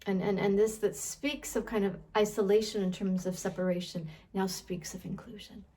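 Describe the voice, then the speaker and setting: A woman teaches scripture in a relaxed, conversational way. She thinks aloud, often restarts and repeats words, and keeps putting questions to her listeners. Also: mid-range voice, moderate pace. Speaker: Bible teacher. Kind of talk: casual Bible teaching.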